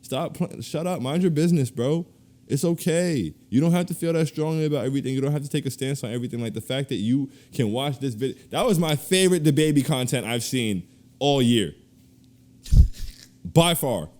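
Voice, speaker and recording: A man co-hosting a casual podcast, ranting in animated, slangy bursts and laughing through his complaints. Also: medium pitch, fairly quick. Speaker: podcast co-host.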